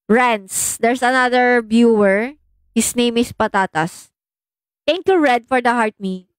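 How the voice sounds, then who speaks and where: A woman's voice: on the high side, a little slow, smooth, no echo. A young woman chatting playfully on a phone livestream, reading viewer comments aloud and often laughing. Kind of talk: casual livestream chat.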